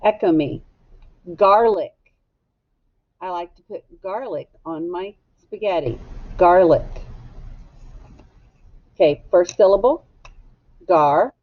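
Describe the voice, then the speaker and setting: A woman teacher leads a phonics lesson at a slow, deliberate pace, sounding out syllables one by one with patient care. The recording is slightly dull and muffled. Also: lowish voice. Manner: slow, patient, drawn-out instruction.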